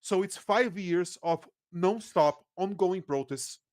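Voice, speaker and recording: A man from Brazil with a Brazilian accent, a native Portuguese speaker, talking as a guest political analyst in a casual podcast interview, animated and quick to laugh, often restarting his sentences. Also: high-pitched, no room sound, studio quality.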